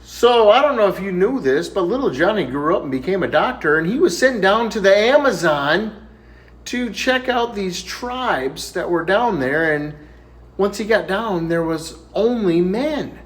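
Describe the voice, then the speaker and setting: A man telling jokes in a casual, animated way, laughing at his own punchlines. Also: sits high, measured pace. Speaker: joke teller.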